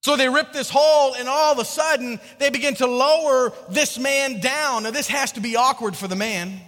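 A man preaching a sermon as a pastor, telling a story with animated delivery and acting out the characters. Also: very high-pitched, normal speed, long reverb tail.

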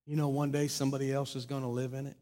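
A man preaching a sermon in a large church hall, impassioned, swinging from loud proclaiming to hushed intimacy. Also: mid-range voice, level tone, rapid-fire. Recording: long reverb of a large hall.

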